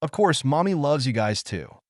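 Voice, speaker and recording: A heartbroken father from an audio story speaks in a soft, aching voice, as a male narrator puts him on. His pitch rises and falls expressively. The sound is dry and close, with no room echo. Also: big pitch swings, moderate pace. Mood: pained, gentle. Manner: soft and pained.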